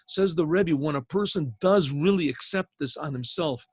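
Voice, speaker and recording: A man's voice: fairly high pitch, moderate pace, slightly rough, dry recording. An older man, a rabbi, teaching a casual class, telling a story with quoted voices and mixing in Hebrew terms. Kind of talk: casual spoken Torah class. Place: online class over a video call.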